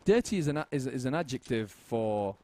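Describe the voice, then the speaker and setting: A young Mancunian man casting a shooter match. He talks at a mid pitch in a chatty, rambling way, doubling back on his words and laughing easily, with faint game gunfire behind him. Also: animated, brisk, a little mellow, dry recording. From Manchester, with Libyan roots. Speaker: esports caster. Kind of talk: casual esports commentary.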